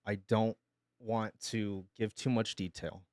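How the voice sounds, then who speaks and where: A male streamer, sick with pneumonia, making an emotional announcement in a halting, hesitant way and holding back tears. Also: lowish voice, fairly even intonation, darkish tone, no room sound, clean studio sound.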